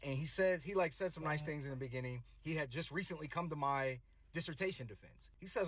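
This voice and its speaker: A man's voice: medium pitch, animated, brisk, breathy edge, no room sound. A man in his thirties earnestly and casually telling a personal motivational story.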